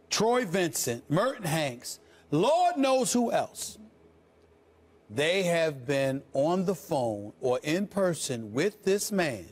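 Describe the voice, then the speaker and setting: A man co-hosting a sports debate show, loud, theatrical and sarcastic, shouting to drive his points home. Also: high voice.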